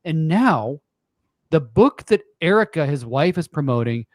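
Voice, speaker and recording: A man's voice: fairly high pitch, sing-song, measured pace, no room sound, studio quality. A man in his forties, a podcast guest in casual chat, talking earnestly and emphatically and repeating himself.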